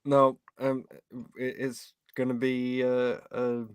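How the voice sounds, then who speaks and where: A man who co-hosts a casual podcast chat and speaks in a quiet, hesitant way that tends to trail off. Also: medium pitch, completely flat delivery, takes it slowly. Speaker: podcast co-host.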